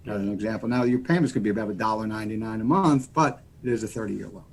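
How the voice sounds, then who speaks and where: A man from the United States, fairly low-pitched with vocal fry, talks at a quick pace as a guest on a casual podcast. A mortgage lender, he walks through loans in a folksy, meandering style, sprinkling in plenty of "you know." Slight background noise can be heard.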